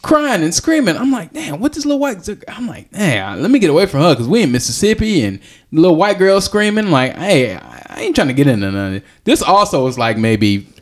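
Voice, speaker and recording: A young man tells a story in a casual podcast chat. His pitch swings widely as he rambles and jokes, and he sounds lively and animated. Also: a little fast. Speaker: podcast host.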